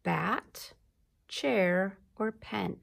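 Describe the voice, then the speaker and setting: A woman teacher giving a slow, encouraging recorded lesson to young children, prompting them to repeat words. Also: mid-range voice, vocal fry, husky.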